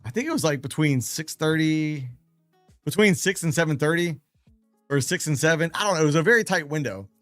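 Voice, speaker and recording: A man's voice: a little high, expressive, fairly quick, a bit bright, no echo, faint music behind. A man telling stories casually on a live trading stream, chatty, laughing between anecdotes and repeating phrases for emphasis. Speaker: day trader and live streamer.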